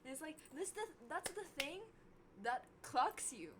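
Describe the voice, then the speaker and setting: A young woman vlogger telling a story casually to camera, swearing often and getting loud when worked up. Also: unhurried, slight background noise. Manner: animated, swears a lot, voice jumps high when worked up.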